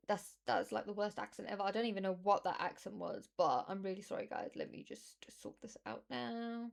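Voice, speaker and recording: A woman's voice: medium pitch, animated, fairly quick, gravelly, few pauses. A British woman streaming from a room at home, chatting casually in a rambling, self-deprecating way. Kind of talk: casual livestream chat.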